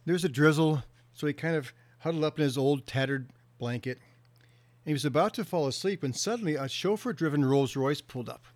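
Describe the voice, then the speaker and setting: A man's voice: on the high side, no room sound. Earnest male counselor, dry close sound. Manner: earnest storytelling, slows for emphasis. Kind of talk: motivational talk.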